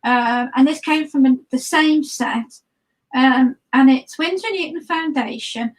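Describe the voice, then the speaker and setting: A woman's voice: high-pitched, unhurried, low-quality recording. A woman, a guest artist chatting through a live watercolor demo in a rambling, friendly way with many ums and restarts. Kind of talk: live-stream art demo chat.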